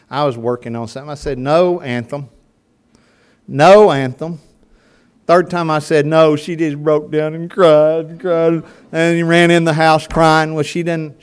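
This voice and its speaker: An older man preaching a sermon to his congregation, telling folksy stories and swinging between loud and soft. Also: mid-range voice, clear, resonant tone. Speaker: pastor. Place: church sanctuary before a congregation.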